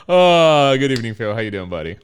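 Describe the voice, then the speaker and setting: A man's voice: medium pitch, smooth. A man hosting a casual talk show, playful and laughing often. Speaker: host.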